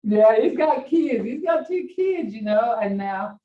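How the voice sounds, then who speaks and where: An older woman teaches in a slow, unhurried way, chatting through family stories and laughing often. She sounds far from the mic, with a dull, roomy echo around her voice. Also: a little high, lively intonation. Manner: chatty storytelling, laughs often, acts out bossy commands. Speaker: language teacher. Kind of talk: casual classroom teaching. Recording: distant, echoey, dull classroom audio.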